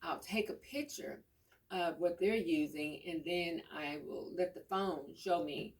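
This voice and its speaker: A middle-aged woman vlogger with a fairly low-pitched voice chats casually at a measured pace, telling rambling, homey stories. Her voice sounds a bit far from the mic.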